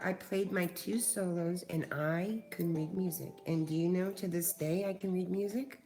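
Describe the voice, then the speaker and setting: A middle-aged woman with a lowish voice chats to her livestream viewers, casual and a little profane. She sounds warm toward her audience while she works, and faint music plays in the background. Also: fairly even intonation, moderate pace, few pauses. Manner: chatty, swears freely, talks to viewers in chat. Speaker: livestream host.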